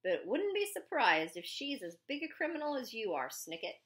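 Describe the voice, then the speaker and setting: A woman's voice: on the high side, very animated, moderate pace, pitched above the performer's own voice. A woman voicing a stern, suspicious policewoman in an audiobook, barking her lines. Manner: barking, sharp. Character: stern suspicious female small-town police officer.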